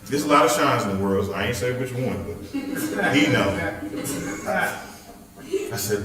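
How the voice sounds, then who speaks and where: A pastor leads a Bible study in a church hall, preaching in a conversational way and teasing his listeners with jokes, lively and playful throughout. His voice is mid-range, his pace measured, and he pauses often. He's picked up from a distance, off-mic, in a very echoey hall.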